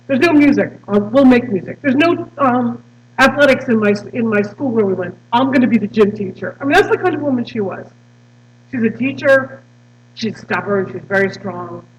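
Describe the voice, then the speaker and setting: A woman guest speaker addressing a congregation, emotional and halting, with many restarts. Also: on the high side, lively intonation, muffled recording. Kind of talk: personal talk to a congregation. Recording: distant mic with mains hum.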